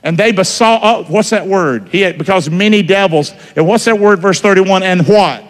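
A pastor whose voice sits high gives a sermon at a moderate pace, casual and chatty, peppering the congregation with questions in a lively call-and-response style. Long hall reverb surrounds the recording.

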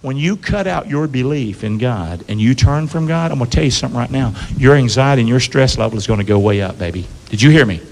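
A man preaching a sermon to his church in call-and-response style, asking the congregation to answer back and swinging between loud calls and low asides. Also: animated, fast talker, vocal fry, few pauses, in a large hall, rough recording. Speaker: pastor. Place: church sanctuary.

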